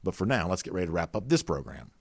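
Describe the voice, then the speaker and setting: A man's voice: sits low, very animated, fast, vocal fry, breathy edge, no echo. A man hosting a casual sports talk show, chatting loosely with plenty of "you know" fillers and reading out viewer comments.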